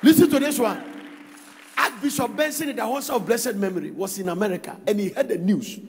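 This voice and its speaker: Ghanaian-accented male pastor, shouting sing-song sermon, long hall reverb. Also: sits high, a little fast, some chatter behind, slight background noise. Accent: Ghanaian English. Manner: shouting, sing-song preaching with sudden drops to storytelling. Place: church hall.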